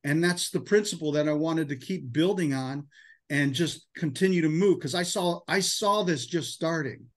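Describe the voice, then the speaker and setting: Man, motivational team talk, emotional, slangy, fairly high pitch. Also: moderate pace. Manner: emotional, hype-filled, casual with "man" and "dude". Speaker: insurance sales team leader.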